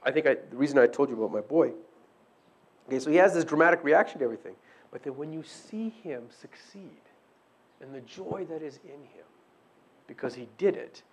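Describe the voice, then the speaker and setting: A man preaching a sermon and praying, earnest, moving between hushed prayer and emphatic, repeated declarations. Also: a little high, expressive, fairly quick, slightly rough. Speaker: pastor.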